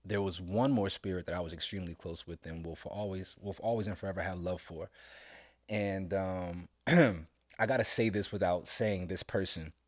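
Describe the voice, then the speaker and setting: A middle-aged man talking earnestly with his son on a casual podcast, heartfelt and sometimes breaking into loud laughing storytelling. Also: low voice, steady tone, moderate pace. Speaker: podcast co-host, father. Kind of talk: casual father-son conversation.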